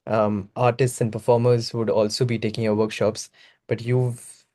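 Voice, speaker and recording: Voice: mid-range voice, flat delivery, normal speed, a little mellow. A podcast host asking a long, thoughtful question, searching for the words and restarting phrases. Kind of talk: interview questions.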